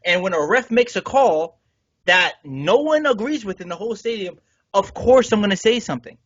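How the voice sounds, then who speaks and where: Male podcast co-host, high and husky, casual storyteller with an indignant edge, dry dull-mic sound. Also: normal speed, dry recording. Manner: animated, indignant retelling with swearing.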